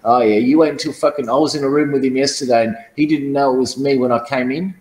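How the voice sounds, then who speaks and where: A man's voice: mid-range voice, steady tone, quick pace, a little mellow, echoey room, poor audio. A man telling profane, boastful stories in casual chat, often laughing at his own tales. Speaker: channel host.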